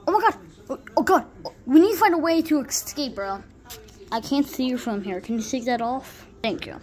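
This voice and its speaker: A woman doing playful role-play commentary for a gaming video, excitable and jumping between hushed whispers and sudden yelps. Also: sits high, moderate pace, pauses often, slight background noise.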